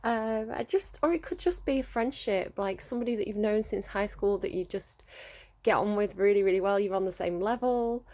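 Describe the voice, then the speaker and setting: A woman's voice: mid-range voice, dark tone. Chatty woman reading tarot. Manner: chatty, rambling, laughs often. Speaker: tarot reader.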